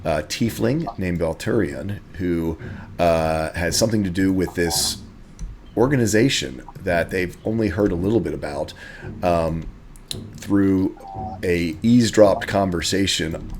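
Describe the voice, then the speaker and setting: A man's voice: sits low, a little slow, a little mellow, slight background noise. A man running a tabletop game as game master, chatty and playful.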